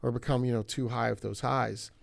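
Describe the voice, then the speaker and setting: A middle-aged man talks shop in a casual business chat. His voice has a gravelly edge. It sits at a middle pitch and sounds close and dry. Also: steady tone, brisk, dry recording. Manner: storytelling, acts out quoted voices. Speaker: sales guest.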